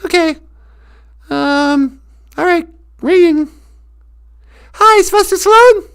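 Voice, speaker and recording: A man voicing a high, squeaky phone operator in falsetto. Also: slow pace, vocal fry, a bit bright, full character voice. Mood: chirpy.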